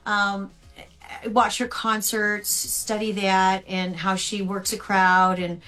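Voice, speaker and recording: Woman guest on a call, earnest, keeps restarting, mid-pitched voice. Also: little pitch movement, pushed and bright. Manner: earnest, halting, many restarts and fillers. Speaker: guest, tribute performer. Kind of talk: casual interview answers.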